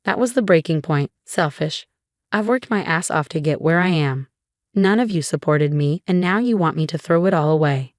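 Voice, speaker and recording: A woman giving a scripted first-person story narration in a smooth, steady reading voice. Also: sits low, normal speed, no room sound, studio quality.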